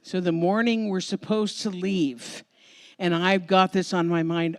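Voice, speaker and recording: An American woman minister giving a Sunday sermon, telling a personal story in a conversational, emotional, expressive way before a congregation. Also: fairly low pitch, measured pace. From United States. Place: church sanctuary before a congregation.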